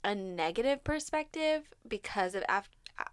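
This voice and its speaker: A young woman, co-hosting a podcast, who talks openly, laughs often and grows animated when retelling events. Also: mid-range voice, moderate pace, clean tone, no room sound, studio quality. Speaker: podcast co-host. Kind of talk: candid conversation.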